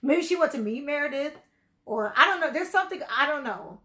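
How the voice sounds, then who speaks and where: Woman reacting to a tv show, kinda high voice, rambly and chatty, lots of "like". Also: animated, fairly quick, fairly bright tone. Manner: chatty, rambling, full of "like" and "you know". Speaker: video reactor. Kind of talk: casual reaction commentary.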